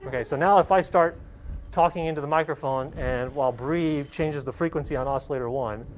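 A man's voice: on the high side, brisk, slight background noise, rough recording. A male professor giving a casual, hands-on classroom demonstration and checking in with his students with a frequent "okay?". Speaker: college professor.

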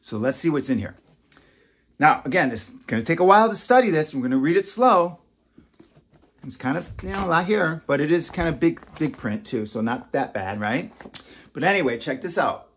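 A man in his fifties hosting a casual talk to camera, animated and teasing, dropping from loud bursts to a hush. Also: on the high side, moderate pace, slight background noise. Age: 50s. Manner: animated, swinging between loud and hushed, teasing. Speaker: self-help author and host.

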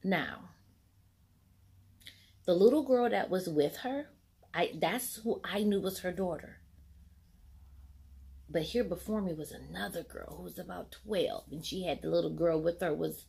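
A woman's voice: on the low side, measured pace, vocal fry, long pauses, darkish tone, slightly rough. A woman in her forties telling a personal story in a casual vlog. She rambles with many fillers, reenacts what people said, and drops to a near-whisper at emotional moments. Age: 40s. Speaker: storytelling vlogger. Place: home set lit by a ring light.

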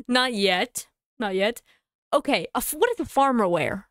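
Woman streamer, chatty and thinking aloud, a bit high-pitched, dry mic. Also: animated, a bit bright, dry recording. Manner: chatty, thinks aloud, quick asides and laughs. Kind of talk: casual live-stream chatter while playing a game.

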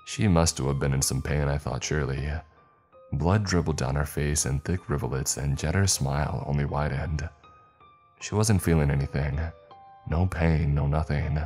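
A man narrates a horror story in a measured, ominous tone, his voice sitting extremely low. Faint background music plays underneath the reading. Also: darkish tone.

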